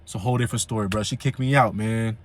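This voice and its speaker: A man voicing his sheepish friend, dropping his voice low and pleading. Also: steady tone, very fast, slight background noise, close to an everyday voice.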